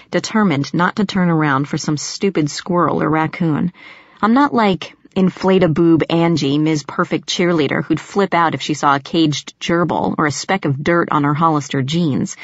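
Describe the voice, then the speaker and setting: A woman narrating a first-person audiobook in a measured storytelling manner. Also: low-pitched, dry recording. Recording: dry, slightly muffled.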